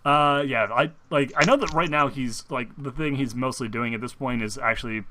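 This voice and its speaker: A young man with a bright, clear-toned voice chats casually as co-host of a fan show. He rambles, circling back with fillers and restarts, at a middling pitch for a man. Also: moderate pace. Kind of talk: casual chat.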